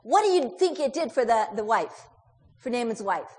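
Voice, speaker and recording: Questioning woman preacher, high voice. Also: animated, fairly quick, a little mellow, long reverb tail. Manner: asks the listeners many questions, voices characters in the story. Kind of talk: storytelling sermon.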